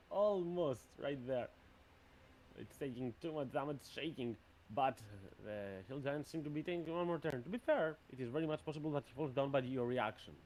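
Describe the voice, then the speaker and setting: Animated male game master. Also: medium pitch, a little hiss or hum. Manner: animated, rolling narration with fillers. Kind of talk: narrating a tabletop game.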